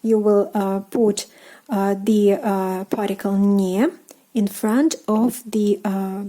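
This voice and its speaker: A woman with a Russian accent teaching a language lesson, speaking slowly and carefully with many ums and uhs and repeating each example phrase. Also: medium pitch, fairly even intonation, warm tone, rough recording. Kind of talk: lesson explaining grammar while writing.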